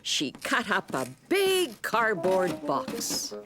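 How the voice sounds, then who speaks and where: A woman's voice: medium pitch, huge pitch swings, drawn-out words. A woman narrating a preschool cartoon in a scripted storybook manner. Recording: music underneath.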